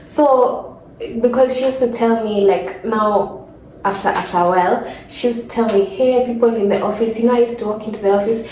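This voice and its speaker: A woman's voice: on the high side, normal speed, darkish tone, reverberant, slight background noise, rough recording. A young Kenyan woman in her twenties with a Kenyan accent, telling a casual sit-down story from her room, rambling with lots of fillers and close to tears. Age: 20s. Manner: chatty, rambling with many fillers and restarts. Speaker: vlogger.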